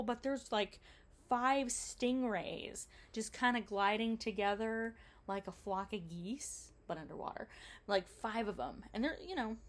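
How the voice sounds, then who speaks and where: A woman casually recounting a day of travel and snorkeling, chatty and animated, quoting people she met. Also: mid-range voice. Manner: chatty, animated retelling with quoted dialogue and laughs. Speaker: travel vlogger.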